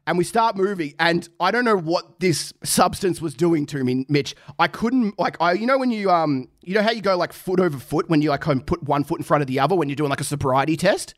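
A man's voice: on the high side, a little fast, few pauses, no echo, clean studio sound. A young Australian man, a podcast co-host, telling a story with lots of swearing and laughter. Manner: animated, swears freely, laughs through his stories. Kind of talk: casual storytelling chat.

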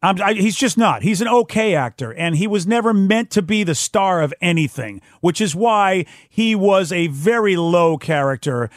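High-voiced excitable man, dry sound. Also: normal speed, few pauses, no room sound. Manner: excitable, acts out quotes, repeats himself when fired up. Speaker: podcast host. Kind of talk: casual chat.

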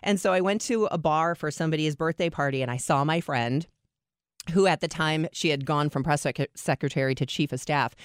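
A lively woman, appearing as a radio host and guest, tells stories in a conversational interview, poking fun at herself and acting out quotes with big pitch jumps. The studio-quality recording has no room sound.

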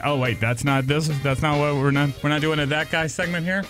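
A man's voice: fairly high pitch, steady tone, a little fast, over music. A man co-hosting a show, bantering casually in a sarcastic, mock-aggrieved way, rambling with frequent restarts. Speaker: radio show co-host.

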